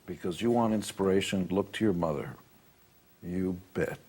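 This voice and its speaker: A man's voice: low-pitched, normal speed, darkish tone, slight background noise. An older man telling stories as a motivational speaker, blunt and boastful. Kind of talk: storytelling talk.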